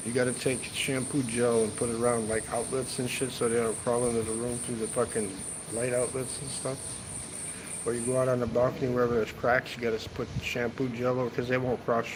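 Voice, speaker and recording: A travel vlogger rambles casually on a livestream from the outdoor seating area of a hotel rooftop, swearing and finishing his sentences with "man." His voice sits at a medium pitch, and there is background noise.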